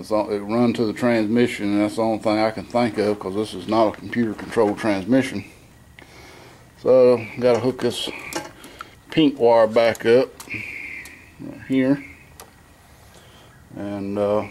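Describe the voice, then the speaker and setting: A man with a mellow mid-range voice rambles through an engine install in his home garage shop, with slight background noise. The home mechanic vlogger is plainspoken and easygoing, full of fillers and correcting himself as he walks through the job.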